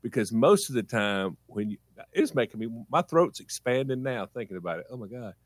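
Casual male radio regular, rambling storyteller, very lively pitch, dry close sound. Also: a little fast, dry recording. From rural United States. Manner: animated, rambling anecdotes with self-corrections.

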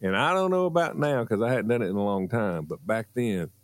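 A man with a drawl tells a story in casual radio chat, his pitch leaping up and down as he goes. The sound is dry and close. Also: no room sound. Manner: animated, drawn-out storytelling with high-pitched quoted voices. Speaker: radio show guest.

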